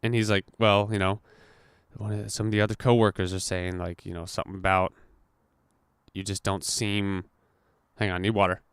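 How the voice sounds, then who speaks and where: A man's voice: deep voice, moderate pace, clean tone, dry recording. Profane young man telling a story. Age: young adult. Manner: profane, animated retelling with acted-out quotes. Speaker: podcast host. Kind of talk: casual storytelling monologue.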